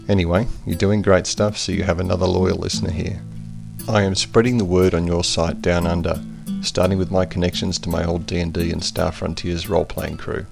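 A man's voice: low-pitched, vocal fry. A man voicing a cheery Australian male fan reading out his letter in a put-on Australian accent, hearty and slangy.

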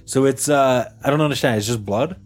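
A young man hosting a casual podcast in an apartment, with a natural radio voice and a jokey, animated way of talking. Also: mid-range voice, fairly quick, faint music behind. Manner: animated, jokey, slips into exaggerated bits. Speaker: podcast host.

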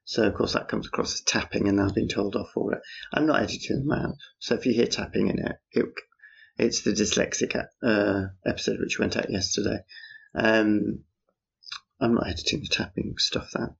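A man's voice: lowish voice, fairly even intonation, moderate pace, creaky, a bit bright, husky. A man talking outdoors on a street at night in a rambling, casual monologue, with wry, dryly sarcastic asides. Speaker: podcaster. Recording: dull, muffled lo-fi recording.

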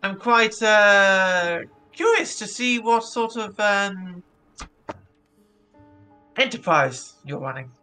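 Brief: a man doing a slow, high, stilted businessman who hedges every word. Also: expressive, pushed and bright, clear, resonant tone, faint music behind, full character voice. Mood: polite. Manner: halting and formal, full of hesitations. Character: pompous male merchant with shady motives.

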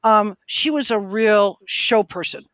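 A woman's voice: medium pitch, slow, fairly bright tone, dry recording. Laid-back woman podcast co-host, dry sound. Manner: laid-back, storytelling with many fillers. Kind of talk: casual chat.

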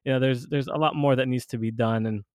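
Guy hosting a podcast, rambly, average pitch, dry close sound. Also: steady tone, quick pace, darkish tone, no echo. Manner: rambling, full of restarts and "you know". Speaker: podcast host. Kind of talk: casual podcast chat.

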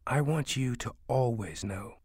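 A man voicing a gentle, ill young mother in a storybook reading, soft and soothing. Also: medium pitch, lively intonation, moderate pace, dry recording, studio quality, pitched above the performer's own voice, close to an everyday voice.

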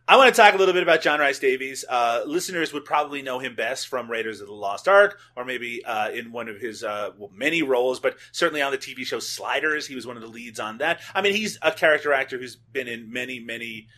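A man's voice: mid-range voice, fast talker, few pauses, sharp tone. A man hosting a casual podcast discussion, steering the talk and putting questions to his co-hosts. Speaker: podcast host.

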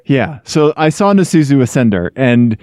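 This is a man co-hosting a podcast in casual chat. He talks in an animated, jokey way at a middling pitch. The sound is dry and close. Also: normal speed, dry recording. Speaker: podcast co-host.

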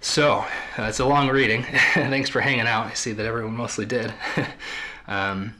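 A podcast host reading a story aloud from a book in a measured, storytelling way. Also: male voice, medium pitch, fairly even intonation, pushed and bright.

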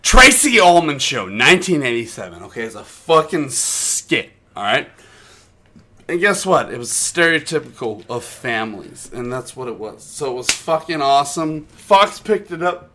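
A tipsy man co-hosting a casual podcast, ranting loudly and swearing a lot. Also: mid-range voice, very animated, normal speed, slight background noise. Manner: profane, loud, ranting. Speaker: podcast co-host. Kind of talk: casual drunken rant.

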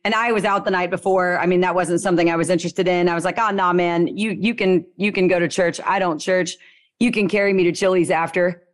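A young woman from Louisiana with a Southern accent, telling her story as a guest in a casual, lively way with playful slang. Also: on the low side, brisk.

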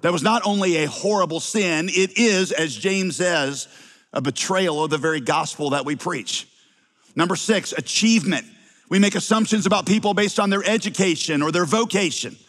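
A man's voice: sits high, normal speed, a bit bright, long reverb tail. A middle-aged male pastor with a slight Southern accent, preaching a sermon with wry, teasing asides to the congregation.

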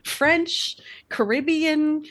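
A woman's voice: high voice, drawn-out words, fairly bright tone. A woman on a podcast panel, chatting casually, blunt and laughing often between words. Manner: giggly, blunt. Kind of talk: casual chat.

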